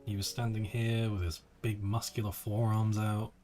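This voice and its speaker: A man's voice: on the low side, little pitch movement, moderate pace, mellow, soft background music. A man streaming a fishing game, chatting casually, laid-back, swearing and laughing now and then. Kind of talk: casual gameplay commentary.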